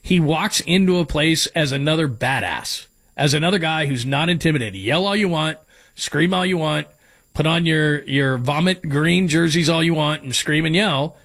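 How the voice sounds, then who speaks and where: A man's voice: fairly high pitch, normal speed, fairly bright tone. A man hosting sports talk radio, giving strong opinions as he runs through names and stats.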